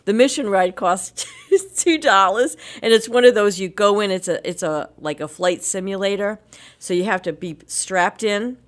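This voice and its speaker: A woman's voice: medium pitch, normal speed. A middle-aged woman co-hosting a radio show, telling travel stories in a chatty way and laughing often. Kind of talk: casual morning radio chat.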